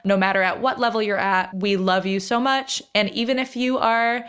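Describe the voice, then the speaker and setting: A young woman co-hosting a podcast in casual, chatty talk, quick to laugh. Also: medium pitch, fairly even intonation, fairly bright tone, clean tone. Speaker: podcast co-host.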